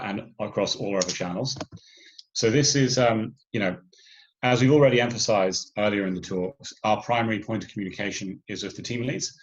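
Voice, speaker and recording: A man's voice: lowish voice, dull audio. A man organizing a hackathon, explaining the submission and judging rules in a loose online workshop briefing, full of fillers and restarts.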